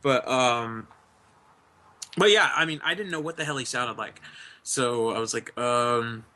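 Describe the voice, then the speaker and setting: Male guest, bright mid voice, relaxed and profane, online-call audio. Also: medium pitch, unhurried. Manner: laid-back, swears freely, laughs often. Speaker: guest, streamer. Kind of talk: casual online interview.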